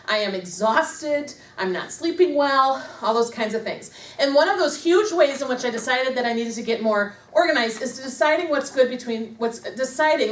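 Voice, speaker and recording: A woman's voice: a little high, fairly bright tone. A woman giving a talk to a live audience at a leadership meeting, self-deprecating and humorous, laughing often. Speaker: motivational speaker at a business leadership meeting. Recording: echoey room, mic far off, faint noise.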